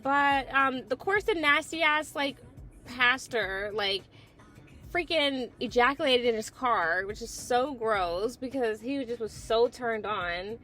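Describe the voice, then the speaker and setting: Woman, TV review host, casual, blunt, opinionated, swears, slightly high voice. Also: takes it slowly, sharp tone, faint music behind.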